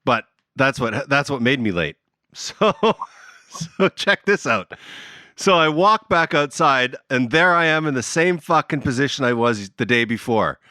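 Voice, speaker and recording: A middle-aged man on a podcast spins a chaotic story, cursing often and laughing through it. His voice is bright and forward at an average pitch. The recording is dry and close. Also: expressive, unhurried, no echo. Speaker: podcast guest, band musician. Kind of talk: casual storytelling in conversation.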